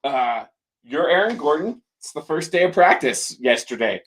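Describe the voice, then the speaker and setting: A man's voice: fairly high pitch, animated, moderate pace, a bit bright. A man co-hosting a casual sports podcast, joking and laughing often with his friends. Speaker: podcast co-host. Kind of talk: casual chat.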